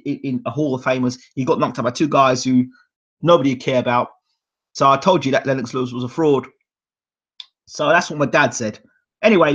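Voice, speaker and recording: A man in his forties hosting a boxing channel, telling casual stories and acting out his dad's voice in the quoted lines. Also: mid-range voice. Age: 40s. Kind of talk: casual storytelling monologue. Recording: dull lo-fi sound.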